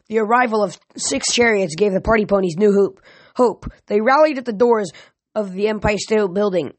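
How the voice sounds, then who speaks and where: A woman reading a novel aloud in a lively way, with occasional restarts, raising her voice for shouted lines. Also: mid-range voice, no echo.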